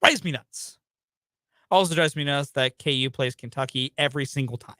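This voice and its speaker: A man's voice: mid-range voice, steady tone, fast, fairly bright tone, no echo, studio quality. A young man hosting a sports talk radio show, ranting emphatically about college basketball.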